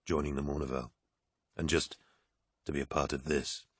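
A man voicing a proud, solemn armoured male warrior who speaks quietly and reflectively in an audiobook. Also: very deep voice, flat delivery, normal speed, slightly rough, no echo, studio quality, pitched below the performer's own voice, exaggerated voice. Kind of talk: audiobook character voice.

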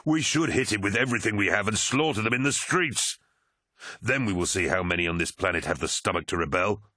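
A man voicing a brutal, bloodthirsty male warrior lord in an audiobook, snarling his words slowly and with force. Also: lowish voice, sharp tone, breathy edge, no room sound, clean studio sound, voice pushed up. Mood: angry. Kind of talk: audiobook character voice.

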